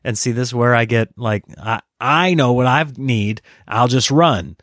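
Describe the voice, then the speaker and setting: A man hosting a podcast, telling a story in a casual, animated way, ranting in exasperation and laughing at himself. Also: medium pitch, normal speed, no room sound, studio quality. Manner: self-deprecating, laughs at himself. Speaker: podcast host.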